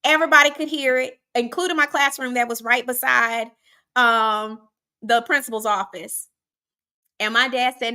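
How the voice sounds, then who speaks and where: Woman, host, chatty storytelling, high voice, bright tone. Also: moderate pace, clear, resonant tone. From Arkansas, USA. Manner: chatty and animated, often addressing listeners directly. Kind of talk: casual storytelling to the audience.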